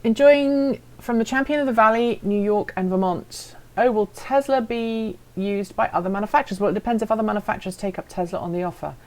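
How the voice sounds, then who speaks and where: A woman's voice: medium pitch, a little fast, a little mellow. A woman hosting a casual live stream, chatting and answering viewer comments in a playful, self-deprecating way.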